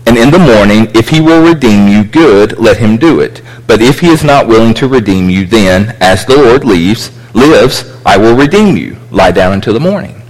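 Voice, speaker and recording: A man's voice: medium pitch, slightly rough. A man teaching a sermon, explaining scripture with frequent restarts and asides. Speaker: preacher. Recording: echoey hall with long reverb.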